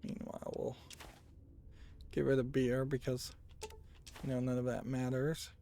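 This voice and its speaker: Brief: unhurried male let's-play commentator, gravelly and dark, thinking out loud. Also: mid-range voice, monotone, slight background noise. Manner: unhurried, thinks aloud with musing hums. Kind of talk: casual gameplay commentary.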